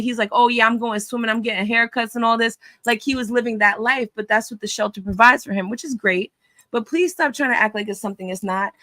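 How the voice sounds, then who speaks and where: A woman's voice: a little high, sharp tone, no room sound. A woman hosting a casual online chat, telling a story in a blunt, mocking way. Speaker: host.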